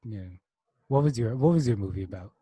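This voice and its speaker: A man's voice: medium pitch, lively intonation, a little fast, warm tone. A young man casually retelling a movie on a podcast, rambling and restarting his sentences. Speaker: podcast co-host. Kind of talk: casual chat.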